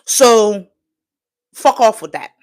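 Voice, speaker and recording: Woman from Trinidad, high-pitched, holding back tears, swearing hard through an insistent livestream rant. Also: expressive, slow. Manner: profane, impassioned, insistent. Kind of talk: emotional live-stream rant.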